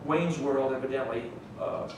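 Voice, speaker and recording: A man with a New Orleans accent talks casually and rambles, chuckling as he loops back over his own words. He sits some way from the mic. The room rings with a strong echo, and there is a steady background noise. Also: medium pitch, moderate pace. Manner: rambling, chuckling, stops and restarts. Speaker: author. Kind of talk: casual talk to a small audience. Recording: echoey room miked from a distance, noise.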